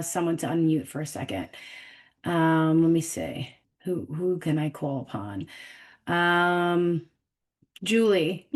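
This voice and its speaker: Chatty New York woman hosting a webinar. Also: fairly low pitch. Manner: chatty, self-deprecating, fumbling with tech. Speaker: webinar host. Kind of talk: casual live webinar chat. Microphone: video call.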